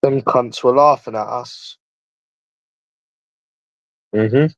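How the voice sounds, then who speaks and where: A man's voice: mid-range voice, fairly even intonation, drawn-out words, creaky, no echo. A man with a London accent talking casually to viewers in a rambling, crude way, swearing freely. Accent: London English. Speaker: livestreamer. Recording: dull lo-fi dry sound.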